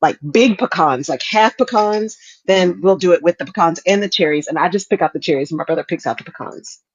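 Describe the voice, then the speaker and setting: A woman's voice: on the low side, brisk, husky, no echo, lo-fi sound. A woman co-hosting a talk show, chatting casually and laughing often as she talks. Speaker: podcast co-host. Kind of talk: casual chat.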